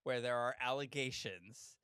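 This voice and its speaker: A man's voice: mid-range voice, measured pace, bright, forceful tone, clean tone, no room sound, studio quality. A man co-hosting a casual podcast, laughing easily and swearing as he swaps stories. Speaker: podcast co-host. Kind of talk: casual chat.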